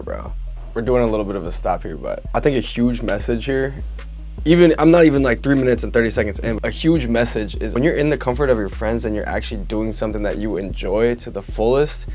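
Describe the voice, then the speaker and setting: A young man in the cast reacts to the film in slang-heavy, enthusiastic commentary. His voice sits somewhat low, with faint music behind him. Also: a little mellow.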